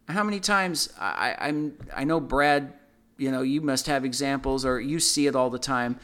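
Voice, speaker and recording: A man's voice: medium pitch, normal speed, a bit bright. A man co-hosting a Bible discussion, teaching in an earnest, conversational way and often repeating his phrases. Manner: earnest, repeats phrases, acts out everyday quotes. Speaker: Bible study co-host.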